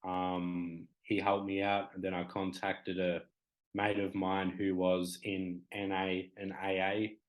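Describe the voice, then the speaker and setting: Low flat-voiced Australian man. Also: slow, rough recording. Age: 20s. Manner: rambling, many "um" and "you know" fillers. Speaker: guest. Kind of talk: candid talk show interview.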